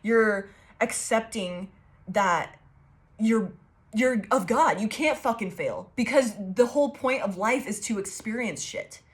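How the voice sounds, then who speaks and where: A woman giving a casual tarot reading to her viewers, excitable and profane, rambling and restarting her sentences. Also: a little high, takes it slowly. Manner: excitable and profane, laughing often. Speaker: tarot reader.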